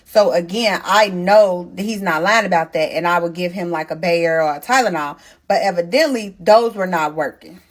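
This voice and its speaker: A young pregnant woman hosting a casual storytime, telling her story in an animated, blunt way, swearing freely and talking straight to her viewers. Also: fairly low pitch, moderate pace, hardly any pauses. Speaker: storytime host.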